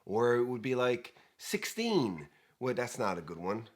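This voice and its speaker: A man's voice: medium pitch, unhurried. A man hosting a real estate talk show, chatting casually with jokes and rambling asides. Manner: lively, joking, rambling asides. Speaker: host.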